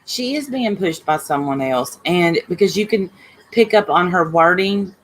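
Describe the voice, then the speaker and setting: A woman's voice: lowish voice, lively intonation, unhurried, poor audio. A woman hosting a casual livestream, greeting viewers by name and talking bluntly and heatedly about online drama. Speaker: livestream host reading chat.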